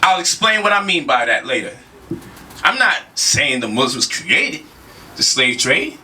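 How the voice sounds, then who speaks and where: A man's voice: mid-range voice, very animated, unhurried, bright, forceful tone, far from the mic. A man giving a heated spoken lecture, emphatic, with repeated rhetorical questions and casual slang. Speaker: speaker challenging a debate opponent.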